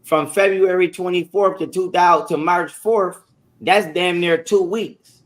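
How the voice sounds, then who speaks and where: Guy ranting on a stream, swearing a lot, defensive, keeps repeating himself, kinda high voice. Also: steady tone, unhurried. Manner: profane, defensive, repetitive. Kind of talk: ranting livestream.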